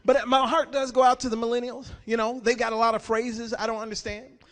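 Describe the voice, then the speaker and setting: A stand-up comedian in his forties with a strikingly high voice for a man. He tells his stories with animation, slipping in and out of the characters he describes. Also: fairly quick. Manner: animated storytelling, acting out characters.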